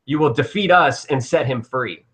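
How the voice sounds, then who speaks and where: A man voicing an old male guardian who tells an ancient tale slowly and grandly. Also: medium pitch, a bit bright, natural voice. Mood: lofty.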